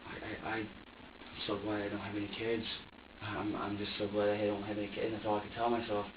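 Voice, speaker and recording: A man's voice: lowish voice, completely flat delivery, quick pace, far from the mic. An agitated young man stammers and swears through an emotional confession in a police interview room. He sounds set back from the microphone in a roomy space, and the recording is dull with a faint hiss underneath. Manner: agitated, profane, stammering and repeating himself. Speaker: suspect under police questioning.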